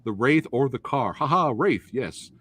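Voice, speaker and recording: A man hosting a casual movie review chat, excitable and slangy, calling his guest dude and bro. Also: mid-range voice, measured pace, no room sound. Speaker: host. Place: live stream, reading chat.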